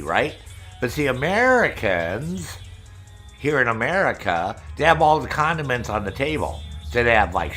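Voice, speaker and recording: In a casual chat with his viewers, this middle-aged streamer host from Maine, United States, rambles through stories laced with swearing. His mid-range voice comes across pushed and bright.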